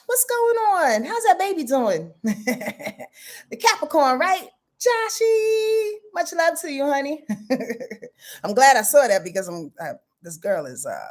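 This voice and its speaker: Animated chatty woman astrologer. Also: on the high side. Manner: animated, chatty, addresses viewers as y'all; goofy, laughs at her own slips. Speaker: astrologer hosting a live stream. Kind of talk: casual live-stream forecast.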